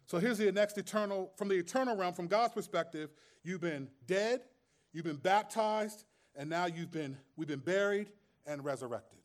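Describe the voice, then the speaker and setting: A man's voice: high voice, moderate pace. A man preaching a sermon as pastor, conversational and streetwise, with humor and rhetorical questions.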